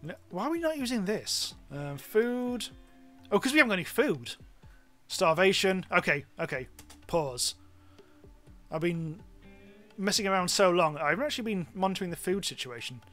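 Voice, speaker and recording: A man's voice: sits high, expressive, normal speed, pushed and bright, soft background music. A British man giving rambling, casual commentary on a live game stream, swearing freely.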